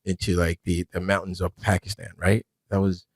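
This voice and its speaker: A man's voice: sits low, flat delivery, moderate pace, no echo. A man chatting casually on a podcast, rambling with lots of filler words. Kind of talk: casual chat. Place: podcast studio.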